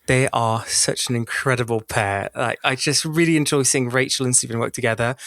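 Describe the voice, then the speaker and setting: A man's voice: medium pitch, a little fast, no room sound, clean studio sound. Playful young male podcast host. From North London. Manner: playful, animated. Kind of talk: casual podcast chat.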